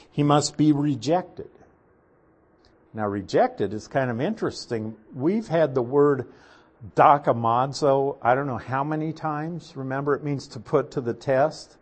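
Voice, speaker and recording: A man's voice: mid-range voice, a little mellow. Man, pastor, verse-by-verse sermon, explains Greek terms, mid-range voice. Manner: explains Greek words, repeats key points. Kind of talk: verse-by-verse Bible teaching.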